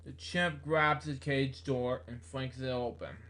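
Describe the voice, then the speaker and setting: Casting note: a man reading a book aloud, halting and slow, with many fillers. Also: medium pitch, fairly even intonation, fairly bright tone. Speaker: book reader.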